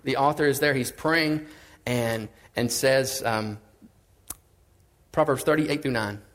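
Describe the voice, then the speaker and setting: A man preaching a sermon in a casual, conversational way, swinging between emphatic and quiet lines. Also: mid-range voice, slow pace.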